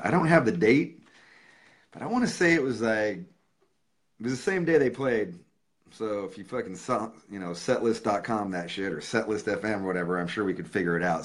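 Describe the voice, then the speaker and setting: Deep-voiced man, loose and profane. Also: slightly rough. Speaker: musician on a livestream. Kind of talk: casual livestream talk and letter reading.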